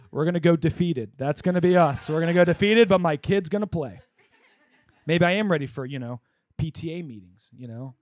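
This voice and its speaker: Chatty stand-up comedian on a club stage. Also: male voice, on the high side, moderate pace, no echo. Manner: rambling, conversational with many fillers, bursts into shouted punchlines.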